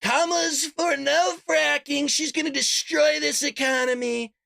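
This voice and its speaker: A man's voice: very high voice, fairly even intonation, unhurried, creaky, sharp tone, no echo, clean studio sound, pitched above the performer's own voice, exaggerated voice. A man putting on a mocking, exaggerated impression of a blustering male politician. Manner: exaggerated, ranting.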